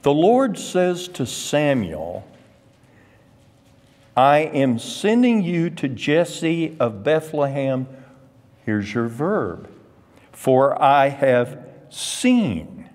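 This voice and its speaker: Male Bible class teacher, measured and slow, very animated pitch, reverberant hall sound. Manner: emphatic, drawn-out stresses on key words. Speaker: Sunday school teacher.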